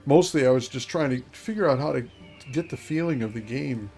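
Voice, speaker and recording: A man's voice: mid-range voice, fairly quick, a little mellow, faint music behind. A man in his fifties streaming a game and chatting casually, rambling to himself as he plays. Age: 50s. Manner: rambling, talks to himself, chuckles. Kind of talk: casual gameplay commentary.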